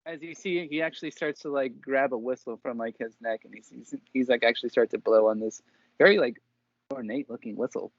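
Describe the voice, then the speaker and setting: A man's voice: medium pitch, brisk, no room sound, dull audio. A man narrating a tabletop game as game master, rambling with many fillers. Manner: rambling, lots of fillers like "like" and "kinda".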